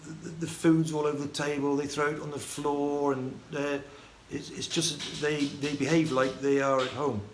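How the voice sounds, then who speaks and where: A man from the United Kingdom telling his life story in a casual, halting vlog monologue full of restarts and fillers. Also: a little high, level tone. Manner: rambling, halting, many restarts and fillers, chuckling. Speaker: vlogger. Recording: echoey room with faint ambient noise.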